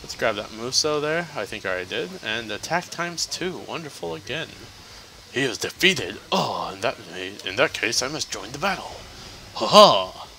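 A man's voice: medium pitch, big pitch swings, moderate pace, gravelly, noisy background. A man giving casual, joking let's-play commentary as he plays, chatty and laughing often. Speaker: gameplay commentator.

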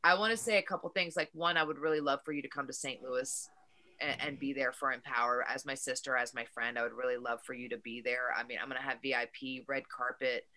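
Female wrestler guest: earnest, heartfelt, low, bright voice. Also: steady tone, fast talker. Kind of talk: casual chat.

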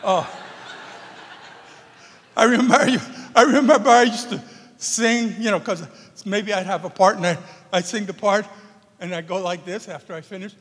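A man, an acting teacher, giving an emotional and animated memorial speech on a theater stage. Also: high voice, moderate pace, long pauses. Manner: animated, emphatic, sings a song. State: emotional, nervous. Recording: echoey theater hall.

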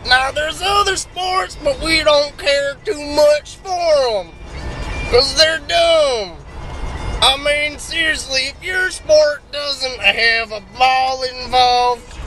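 A man doing Jethro, a slow folksy know-it-all. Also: very high voice, music in the background, full character voice, low-quality recording. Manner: slow, laid-back drawl with a know-it-all tone. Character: folksy, self-assured man named Jethro. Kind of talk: improvised comedy character. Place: inside a moving car.

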